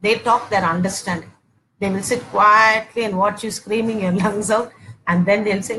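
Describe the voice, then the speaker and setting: Here a woman in her forties teaches a sermon on Christian marriage in a mid-range, steady voice at normal speed, sounding pushed and bright. The recording is rough, with a little hiss or hum. She keeps repeating herself, drops "okay" everywhere, and plays out domestic quarrels.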